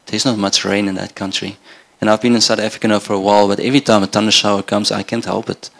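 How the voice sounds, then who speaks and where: Gravelly, even-toned male preacher from Namibia. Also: lowish voice, quick pace. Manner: earnest, conversational preaching with restarts. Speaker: pastor. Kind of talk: sermon.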